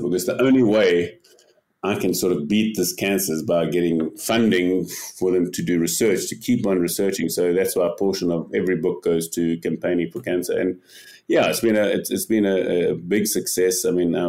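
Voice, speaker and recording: A man's voice: deep voice, moderate pace. An older man, a podcast guest, talking in casual interview style, telling stories energetically, often repeating words and acting out what others said. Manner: animated storyteller, repeats words, acts out quotes. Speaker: podcast guest, ocean paddler.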